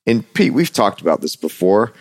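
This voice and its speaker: A man with a low voice tells a story from his life as a parent in a relaxed conversational way. He acts out the people he quotes with energy. The sound is dry and close. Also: moderate pace, dry recording. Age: adult parent. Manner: animated storytelling, acts out dialogue. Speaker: podcast co-host. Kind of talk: casual conversation.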